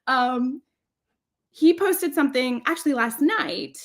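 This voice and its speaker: A woman's voice: sits high, slow pace. Chatty rambling woman podcast co-host. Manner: rambling, self-interrupting, laughs often. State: juggling childcare while talking. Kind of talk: casual podcast chat.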